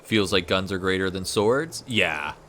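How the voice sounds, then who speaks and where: Deep-voiced and unhurried yet animated, a gaming streamer gives relaxed commentary as he plays, musing aloud and repeating words a lot. Game music sits beneath his voice from a USB desk mic, and a crowd can be heard in the background.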